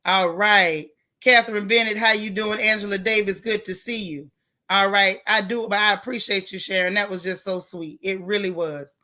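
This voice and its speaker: Bright-voiced outspoken woman chatting live. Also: medium pitch, normal speed. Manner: outspoken, animated, colloquial, talks back to the chat. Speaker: live-stream host reading viewer comments. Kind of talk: casual live-stream commentary.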